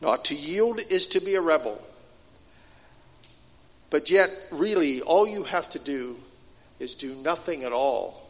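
A man with a high voice preaching a sermon in a large hall or sanctuary. He sinks to quiet, low asides and then climbs to loud, emphatic points. His voice rings with a long reverb that trails after each phrase. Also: lively intonation, measured pace, pauses often. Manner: swings between hushed, low asides and loud, emphatic declarations.

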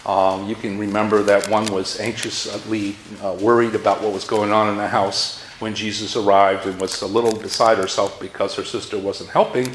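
A man's voice: lowish voice, little pitch movement, moderate pace, few pauses, slight background noise. A man with a Massachusetts accent preaching a sermon in an earnest manner, his voice lifting in force when he reads scripture aloud. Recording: roomy echo.

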